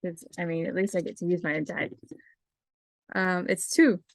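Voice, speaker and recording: A woman's voice: on the low side, fairly even intonation, moderate pace, creaky, no echo, clean studio sound. A woman playing a tabletop game, flustered and hesitant as she sorts out dice rules. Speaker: player.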